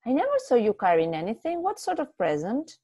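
A woman voicing an anxious, hurried older wife who pleads in a raised, urgent voice. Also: fairly high pitch, wildly swooping pitch, dark tone, no room sound, pitched above the performer's own voice. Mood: anxious pleading.

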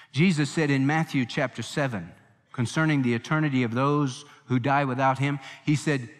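A man's voice: a little high, a bit bright, long reverb tail. A man preaching a passionate sermon as pastor, rising and falling for emphasis. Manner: impassioned preaching, voicing quotes with emphasis.

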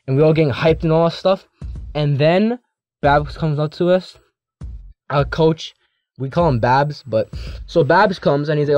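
A teenage boy telling a casual storytime, rambling and slangy, with lots of restarts and animated asides. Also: on the high side, moderate pace, long pauses, highs cut off. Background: faint background music.

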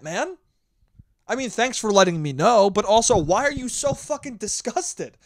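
A young man hosting his own podcast, ranting with lots of swearing and sometimes shouting into a handheld mic. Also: very high-pitched, moderate pace, no room sound, clean studio sound. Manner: profane, animated ranting; shouting at times. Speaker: podcast host. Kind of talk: solo podcast monologue.

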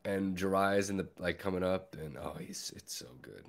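Deep-voiced young man, laid-back chat. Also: steady tone, moderate pace. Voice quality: deep bass voice. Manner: laid-back, jokey, trails off mid-sentence. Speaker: podcast host. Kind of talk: casual chat.

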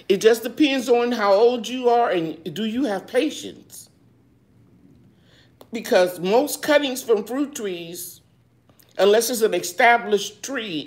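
A woman hosting a live gardening chat. She reads viewers' questions aloud and answers them in a homey, loose way, calling people baby. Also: mid-range voice. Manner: loose, with fillers and restarts. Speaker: gardening show host.

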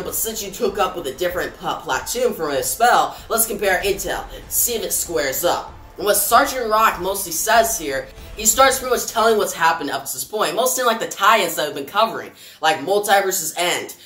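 A man's voice: high-pitched, bright, forceful tone. A man reviewing comics in a casual, chatty way, often addressing his viewers. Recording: echoey room.

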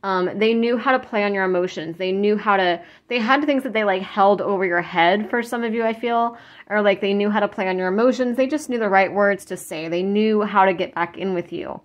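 A woman's voice: medium pitch, brisk, muffled recording. A woman giving a casual psychic tarot reading, talking in a rambling, earnest way with many restarts and fillers, and openly moved as she speaks. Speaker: tarot reader.

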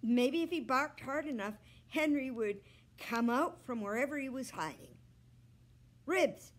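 A librarian woman reading a children's book aloud with slow, expressive storytelling. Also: sits high.

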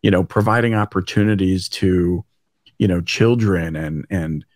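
A man's voice: low-pitched, normal speed, a little mellow, no room sound, clean studio sound. A man from Canada hosting an interview, enthusiastic and full of praise for his guest. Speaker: podcast host. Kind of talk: casual interview talk.

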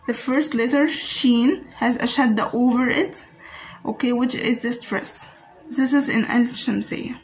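A woman's voice: on the high side, slight background noise, low-quality recording. A woman teaching grammar patiently, repeating each example word several times. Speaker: Arabic teacher. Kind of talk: grammar lesson explanation.

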